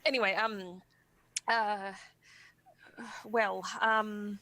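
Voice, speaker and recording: A woman's voice: medium pitch, measured pace, bright, forceful tone. A woman playing a tabletop game, thinking aloud with many hesitations and fillers. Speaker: player. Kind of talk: tabletop role-play in character and out.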